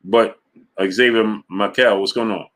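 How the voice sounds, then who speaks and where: A man hosting a live boxing talk stream, reading out super chats and greeting viewers by name between his points, getting louder and higher when he argues. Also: steady tone, unhurried. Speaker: boxing talk show host.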